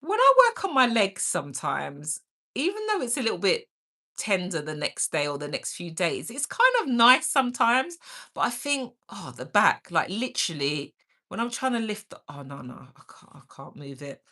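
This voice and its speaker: A woman's voice: medium pitch, big pitch swings, normal speed, sharp tone. Bubbly woman chatting with viewers. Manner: drops into a whisper for asides. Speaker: livestream host. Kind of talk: casual live chat reading comments.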